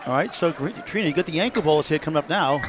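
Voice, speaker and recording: Guy doing bowling commentary, high voice that bounces all over, jokey, crowd noise behind. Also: expressive, fast talker. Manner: playful, teasing, banters.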